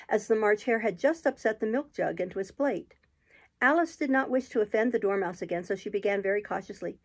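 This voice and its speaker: A woman reading a children's storybook aloud, gentle and steady, with an even, unhurried flow. Her voice is soft and a little husky, at a middle pitch. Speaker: host reading a children's classic.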